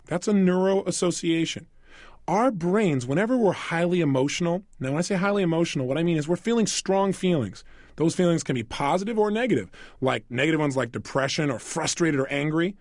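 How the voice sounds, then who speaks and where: A man's voice: on the high side, dry recording, clean studio sound. A man giving a motivational seminar talk, asking his listeners questions and acting out little quotes as he goes. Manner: animated, asks the audience questions and acts out quotes. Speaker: self-help seminar speaker.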